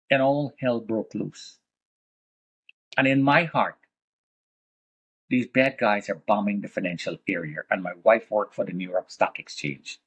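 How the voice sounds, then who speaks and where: A man with a husky, slightly raspy voice tells his own survival story as a guest. He swings from hushed, low passages to sudden loud bursts. He speaks with deep religious conviction. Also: animated, a little slow, pauses often. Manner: vivid, dramatic retelling that swings between hushed and loud. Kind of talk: emotional first-person storytelling.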